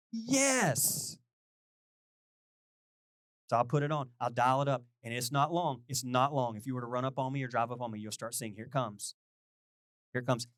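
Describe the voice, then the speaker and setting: A man's voice: a little high, dry recording, clean studio sound. A man preaching a sermon as pastor in a loose, chatty way, full of jokes and questions to the congregation. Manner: animated, jokey, asks the crowd questions, sings bits. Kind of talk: conversational sermon.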